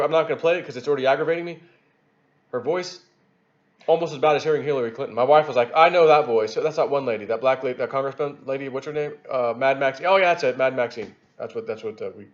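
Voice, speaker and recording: A man giving rambling political commentary on his video channel, animated and repeating himself as he talks. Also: mid-range voice, muffled recording. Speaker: YouTube commentator.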